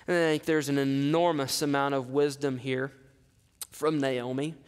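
A man pastor preaching a sermon, animated, firing rhetorical questions at the congregation in a church sanctuary. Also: medium pitch, a little slow. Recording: long reverb from a large hall.

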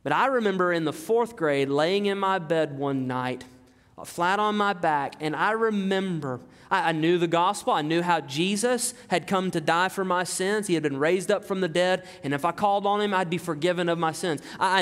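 High-voiced preacher in a reverberant hall. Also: male voice, moderate pace, fairly bright tone. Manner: emphatic, repetitive preaching with rhetorical questions. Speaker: pastor. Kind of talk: sermon.

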